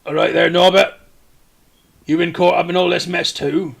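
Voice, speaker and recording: A man voicing a scruffy male dwarf guard captain who talks loud, high and coarse. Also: level tone, normal speed, creaky, full character voice. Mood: boisterous.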